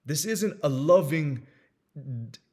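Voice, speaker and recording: A man talking casually and earnestly as he explains ideas from a book, swinging between emphatic bursts and hushed asides. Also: fairly high pitch, expressive, takes it slowly. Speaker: self-help speaker.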